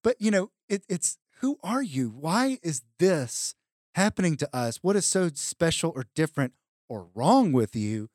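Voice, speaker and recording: A man's voice: a little high, very animated, unhurried, darkish tone, no echo, studio quality. A man co-hosting a casual Bible discussion podcast, explaining passages in a chatty way. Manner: conversational, explaining with fillers. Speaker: podcast co-host.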